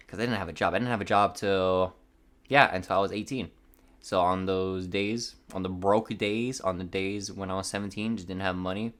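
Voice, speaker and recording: A man's voice: on the low side, fairly bright tone. A young man around twenty, hosting a podcast in a rambling, casual, profane monologue with nervous voice cracks. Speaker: podcast host.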